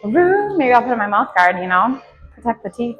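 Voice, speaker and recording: A woman powerlifter chatting out loud between heavy squat sets, out of breath, in her home garage gym. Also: a little high, big pitch swings, brisk, faint music behind. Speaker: powerlifting vlogger. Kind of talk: casual mic'd-up training commentary. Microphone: clip-on mic.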